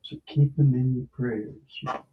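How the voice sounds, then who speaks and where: A man's voice: medium pitch, fairly even intonation, slow pace, phone-quality sound, slight background noise. A man co-hosting a livestream in casual chat, passing on news and announcements to viewers. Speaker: livestream co-host.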